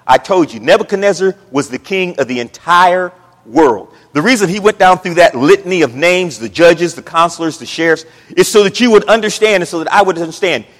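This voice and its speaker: A man from the United States preaching a sermon, emphatic, swinging between loud and hushed. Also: sits high, lively intonation, brisk. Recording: reverberant hall.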